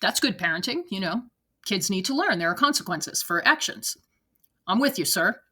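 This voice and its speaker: Host, woman, 40s–50s, reads posts then rants bluntly from her desk; crisp, bright tone. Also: medium pitch, lively intonation, normal speed. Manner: blunt, profane, laughing rants. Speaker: reaction video host. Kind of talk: reading and reacting to online posts. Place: at a desk at home.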